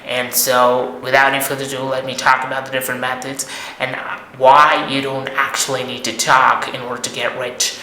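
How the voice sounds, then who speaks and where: A man's voice: mid-range voice, level tone, moderate pace, pushed and bright. A man giving a repetitive, emphatic, lecturing monologue to the camera as an online money coach. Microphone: camera mic. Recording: echoey room, faint noise.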